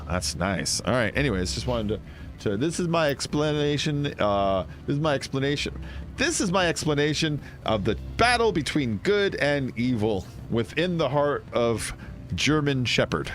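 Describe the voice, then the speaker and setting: A gaming streamer with a medium-pitched, fairly bright voice provides let's-play commentary on his video game playthrough. He rambles and jokes, laughing often.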